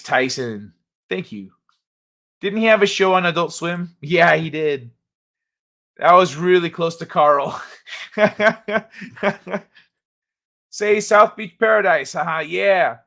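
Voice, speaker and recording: With a fairly high-pitched, creaky voice, a man hosts a live stream, chatting loosely and reading out viewer comments. He's jokey and animated and laughs a lot.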